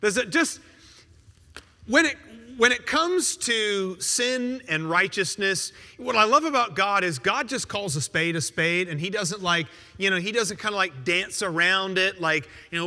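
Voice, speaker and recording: Animated, bright-voiced male preacher. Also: sits high, in a large hall. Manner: conversational and emphatic, with quick rebuttals. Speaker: pastor. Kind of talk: sermon.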